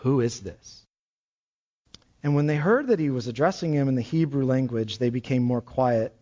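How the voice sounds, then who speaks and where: A man preaching a sermon, swinging between loud exclamations and hushed low passages. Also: brisk, highs cut off. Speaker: pastor.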